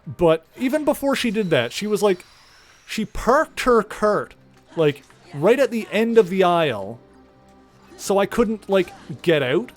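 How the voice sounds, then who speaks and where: Male streamer, casual rambling game commentary, casual swearing, slightly higher voice, soft music bed. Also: sing-song, normal speed.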